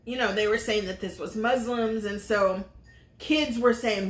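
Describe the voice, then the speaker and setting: A woman's voice: a little high, normal speed. A middle-aged woman, a vlog host, telling a personal story in earnest with many fillers. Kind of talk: casual storytelling chat. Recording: roomy echo.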